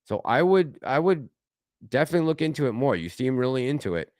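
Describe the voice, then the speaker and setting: A man's voice: mid-range voice, very animated, fast talker, a little mellow, no room sound, clean studio sound. A man hosting a casual livestream, reading viewer comments aloud and reacting to them in a chatty way. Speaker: livestream host reading chat.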